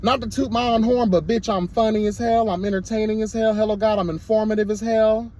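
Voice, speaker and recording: A man's voice: sits high, steady tone, fairly quick, warm tone. A man vlogging his commentary in a sassy, emphatic rant, full of repeated exclamations. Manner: sassy, emphatic, repeats "girl" and "hello, God". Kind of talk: candid to-camera rant.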